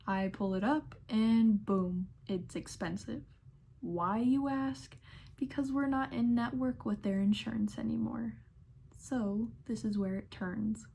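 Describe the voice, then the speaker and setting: A sassy, exasperated young woman telling workplace stories in a vlog. She speaks at an unhurried pace, her delivery dry and amused. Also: a little high, gravelly, mellow, breathy edge. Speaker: pharmacy technician. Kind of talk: storytime vlog narration.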